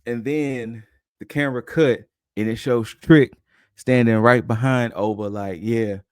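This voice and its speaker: The speaker is a young adult man co-hosting a wrestling podcast, going over events casually and performing quotes now and then. His medium-pitched voice is clean with fairly even intonation, and he talks a little slowly. It's a dry recording.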